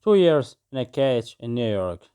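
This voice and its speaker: A man's voice: medium pitch, big pitch swings, a little slow, warm tone, smooth. A man voicing a big friendly black-and-white bird.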